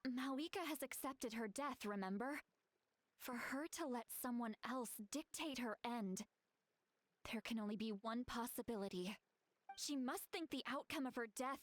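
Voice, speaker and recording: A woman's voice: fairly high pitch, lightly acted. A woman voicing an earnest young dream-seer. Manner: earnest, urgent, explaining. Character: serious young woman seer who trusts her dreams. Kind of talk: video game voice acting.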